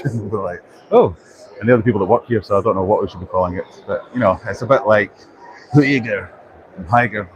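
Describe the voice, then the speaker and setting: A man hosting a casual live walkaround at a busy indoor trade show, chatty and self-deprecating, thinking aloud as he goes. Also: lowish voice. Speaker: livestream host. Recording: noisy exhibition hall ambience. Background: crowd chatter and hall noise.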